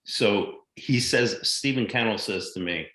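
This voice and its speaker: An older American man, a guest actor telling lively, blunt, profane stories from his career in a casual interview. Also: on the low side, a little slow. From United States. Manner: animated anecdotal storyteller, blunt and profane. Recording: echoey room sound.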